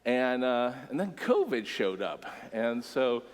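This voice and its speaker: A man's voice: medium pitch, takes it slowly. Male pastor, conversational sermon, mid voice, long church reverb. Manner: relaxed, joking, conversational. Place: church sanctuary stage.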